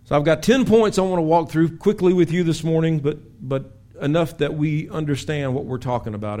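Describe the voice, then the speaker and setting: A man preaching a sermon as pastor in a church, telling stories with lively acted-out shouts. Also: fairly high pitch, a little fast, hardly any pauses. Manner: animated storytelling with acted-out shouts. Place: church sanctuary.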